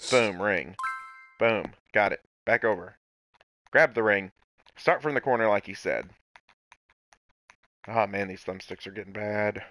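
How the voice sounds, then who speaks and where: A man's voice: lowish voice, measured pace, long pauses, a bit bright, no room sound. A man casually commenting on his own gameplay, playful and talking to himself with sudden outbursts. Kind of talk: casual let's-play commentary.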